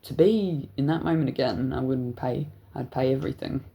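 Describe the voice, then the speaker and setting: A man's voice: medium pitch, moderate pace, vocal fry, muffled recording. A young adult man, telling a rambling, profane story as a vlog host. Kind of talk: casual storytelling.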